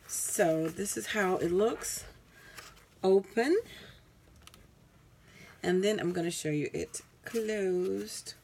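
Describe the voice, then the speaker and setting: In a mellow, mid-range voice, a woman slowly walks through her crafts in a rambling vlog, pausing often, sounding tired, and fixing her words with plenty of ums. She recorded it at home on a camera mic, and there's a little hiss or hum.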